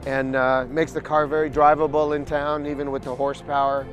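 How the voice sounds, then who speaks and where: A man describing his own car, pausing often with fillers. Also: medium pitch, level tone, soft background music. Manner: halting, many fillers. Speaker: car owner. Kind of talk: casual interview answers.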